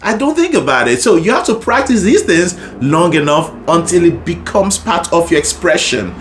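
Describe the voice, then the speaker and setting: High, lively-voiced male vocal coach. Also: normal speed, a little hiss or hum. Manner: explains warmly, breaks into short sung phrases; checks in often with "right?" and "okay?". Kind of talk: singing lesson with sung demonstrations.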